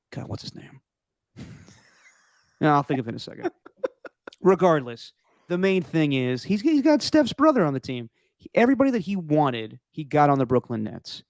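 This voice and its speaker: A man hosting a sports podcast in casual chat, rambling and opinionated, his voice going hoarse. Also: medium pitch, dry recording, studio quality. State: losing his voice. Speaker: podcast host.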